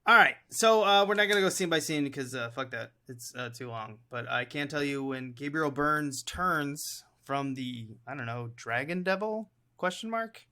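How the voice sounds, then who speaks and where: A man's voice: mid-range voice, animated, moderate pace, few pauses, sharp tone. A man co-hosting a casual movie review podcast, loose and profane, often rambling. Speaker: podcast co-host.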